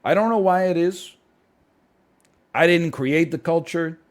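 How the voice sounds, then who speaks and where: A young man streaming live, chatting casually and thinking out loud as he argues both sides of a point. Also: a little high, unhurried.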